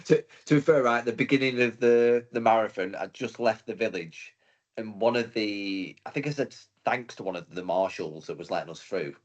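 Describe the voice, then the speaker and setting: A man's voice: lowish voice, normal speed, muffled recording. A man, a guest on a podcast, laughing easily and tripping over his words. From north-west England. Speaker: podcast guest, marathon runner. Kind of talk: casual podcast chat.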